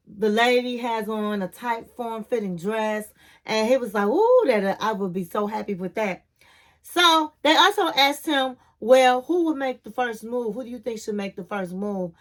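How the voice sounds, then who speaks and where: A woman's voice: a little high, normal speed, a bit bright. A woman hosting a casual reality TV recap, retelling scenes and quoting people with sassy asides.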